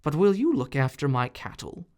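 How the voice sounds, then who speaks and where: A man voicing a gentle, wistful old cattle driver in his late years, in a storybook reading. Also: on the high side, very animated, moderate pace. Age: older.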